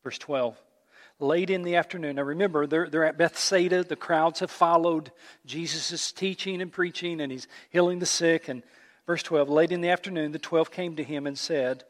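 A male pastor preaching a sermon with animated storytelling. He asks the congregation rhetorical questions. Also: fairly high pitch, normal speed, in a large hall.

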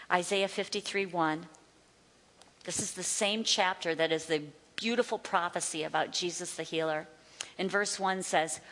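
A woman's voice: lowish voice, a bit bright. Emphatic woman teaching in a reverberant hall. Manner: emphatic, repeats key phrases. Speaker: Bible teacher. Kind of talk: sermon-style teaching.

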